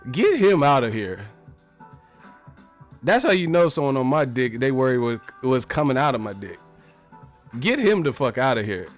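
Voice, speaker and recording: A man's voice: medium pitch, sing-song, moderate pace, long pauses, faint music behind. A man hosting a casual livestream as a boxer, rambling and profane and laughing often.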